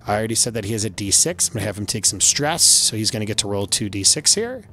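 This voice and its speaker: A man's voice: fairly low pitch, expressive, fast, bright, forceful tone, slight background noise. A man running a tabletop game as game master, loose and chatty with lots of fillers. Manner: loose and chatty, many fillers, laughs often.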